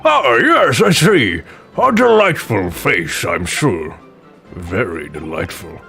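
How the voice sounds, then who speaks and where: A man voicing an elderly court judge who speaks in a slow, formal way for a fan dub of a video game. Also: lowish voice, sing-song, gravelly, sharp tone, soft background music, full character voice. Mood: stately.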